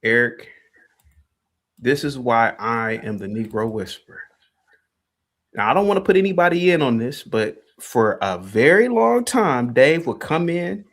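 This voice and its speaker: A man hosting a livestream, in the middle of a heated rant. His voice swings widely in pitch as he taunts and calls out a caller. He sits a little above the usual male pitch. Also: a bit bright. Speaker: livestream host.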